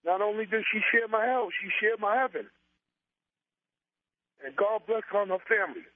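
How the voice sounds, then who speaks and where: Brief: man in his 40s, interview guest, high voice, fervent repetitive build-ups, tinny dry line. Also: moderate pace, no room sound. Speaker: interview guest, comedian and author. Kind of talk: emotional interview talk.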